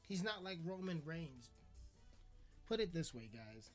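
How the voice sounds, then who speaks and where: A man's voice: fairly high pitch, big pitch swings, a little slow. Man, podcast host, profane comedic rant, sarcastic, faint guitar behind. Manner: crude, sarcastic, swearing freely.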